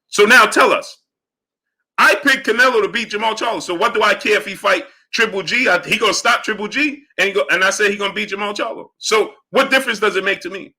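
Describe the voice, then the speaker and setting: A man's voice: high voice, fast, pushed and bright. A man hosting a live boxing stream, arguing with chatters and greeting them by name. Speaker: livestream host. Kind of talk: live chat boxing talk.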